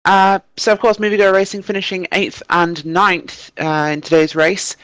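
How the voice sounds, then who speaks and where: Man, race co-commentator, slightly high smooth voice, dry sound. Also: flat delivery, normal speed, a bit bright, no room sound, low-quality recording. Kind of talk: sim-racing broadcast commentary.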